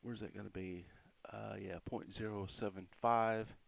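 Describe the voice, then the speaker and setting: A man giving casual, chatty commentary on crypto price charts, reading out support and resistance levels with quick asides. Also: fairly low pitch, steady tone, creaky.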